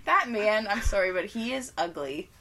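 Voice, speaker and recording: A woman's voice: medium pitch, normal speed. A young woman co-hosting a podcast, chatting casually and giggling while tasting beers, swearing freely. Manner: giggly, profane, animated. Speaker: podcast co-host. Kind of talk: casual chat, beer tasting.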